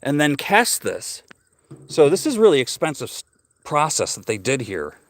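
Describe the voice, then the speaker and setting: Speaking into his phone in a cemetery, a middle-aged man chats casually on a live stream, his fairly high voice swinging hugely in pitch at a moderate pace. A bit out of breath, he rambles with loose curiosity to his viewers, captured in dry, close sound with no echo.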